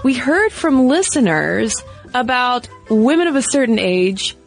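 A woman's voice: fairly high pitch, big pitch swings, measured pace, vocal fry, soft background music. A woman co-hosting a podcast in a chatty, playful way, talking casually and laughing easily. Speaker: podcast co-host. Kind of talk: casual chat.

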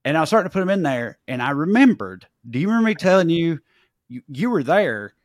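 A man's voice: on the high side, fast talker, no echo, clean studio sound. A man co-hosting a podcast, telling a story in casual chat, cursing freely and acting out what people said. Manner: profane, animated storyteller acting out quotes. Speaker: podcast co-host.

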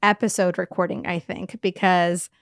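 A woman's voice: fairly low pitch, flat delivery, normal speed, no room sound, studio quality. A young adult woman co-hosting a podcast, telling a rambling story in casual chat and swearing freely. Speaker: podcast co-host.

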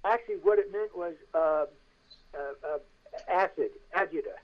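An older man recounts his acting days with lively energy, jumping into the voices of the people in his stories. His voice sits a little high. The line sounds muffled and lo-fi. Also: normal speed. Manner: animated anecdotes, acts out quoted voices. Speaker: guest, actor. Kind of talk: casual storytelling interview.

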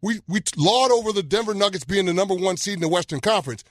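High-voiced emphatic sports talk man. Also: expressive, fast, no room sound, clean studio sound. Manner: emphatic, stumbling restarts. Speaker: sports radio co-host.

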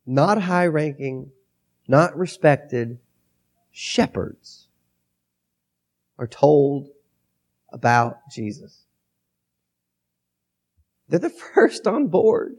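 A pastor with a cold preaching a sermon into a microphone, reading scripture aloud and then talking it through in a conversational way. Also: male voice, a little high, animated, very slow, long pauses. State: has a cold, coughing.

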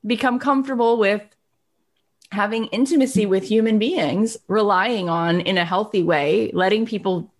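A woman's voice: mid-range voice, normal speed. A woman hosting a podcast who tells personal stories openly and emotionally, with many fillers like "like" and "you know". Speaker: podcast host. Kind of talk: podcast conversation.

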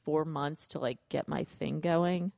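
A woman's voice: sits low, steady tone, measured pace, gravelly, a little mellow, dry recording, studio quality. A woman co-hosting a podcast in casual chat, rambling and giggly, full of fillers. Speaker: podcast co-host.

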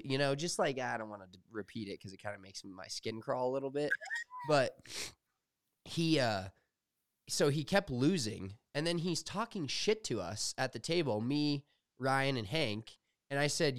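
A young man co-hosting a podcast, telling animated, profane stories in casual chat. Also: mid-range voice, normal speed, dry recording, studio quality. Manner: animated storytelling, swears freely. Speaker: podcast co-host.

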